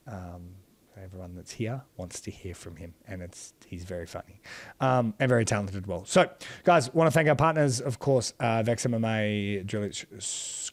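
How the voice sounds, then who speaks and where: A man's voice: lowish voice, dry recording. A young man hosting a casual interview, bantering with a lot of filler words. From Australia. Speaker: podcast host.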